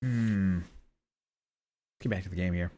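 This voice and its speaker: A man streaming a video game in casual, rambling commentary. He often trails off into quiet mumbles. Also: deep voice, slow.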